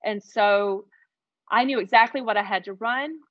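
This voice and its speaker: A woman telling a heartfelt personal story as an interview guest, earnest and animated. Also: medium pitch, normal speed, no room sound, dull audio.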